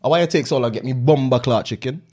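A man's voice: medium pitch, rapid-fire, very noisy, natural voice. A man putting on a rowdy Jamaican guy. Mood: swaggering. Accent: put-on Jamaican.

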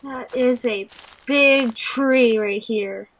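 A woman's voice: fairly high pitch, very slow, rough recording. A young woman giving horror game commentary as a let's play gamer, nervous and jumpy, talking to herself and shrieking at scares. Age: young adult.

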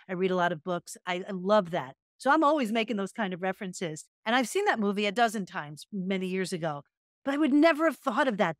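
A woman co-host chats on a podcast and retells stories with animated energy. Her voice sits at an ordinary middle pitch. The sound is close and dry, with no room around it. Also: dry recording. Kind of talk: casual chat.

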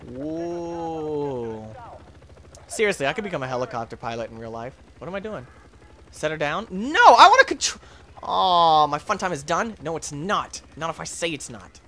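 A man hosting a let's play, commentating his own game with excitable jokes and yelps. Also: on the high side, fairly quick, slight background noise. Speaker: gaming channel host.

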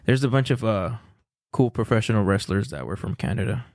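A man's voice: lowish voice, fairly quick, vocal fry, a little mellow, no room sound, studio quality. A man who is a stand-up comic guest in casual comedy chat, playful and crude.

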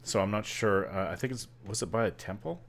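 A man's voice: fairly low pitch, brisk, a bit bright, a little hiss or hum. A Canadian man from British Columbia casually narrating his online game session, rambling and joking at himself as he stumbles over words. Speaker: gamer. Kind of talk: casual gameplay commentary.

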